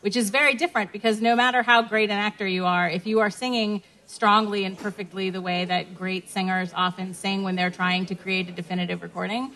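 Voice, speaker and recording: Bright-voiced woman co-hosting a live podcast. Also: mid-range voice, steady tone, brisk, few pauses, poor audio. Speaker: podcast co-host. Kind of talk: live podcast panel chat.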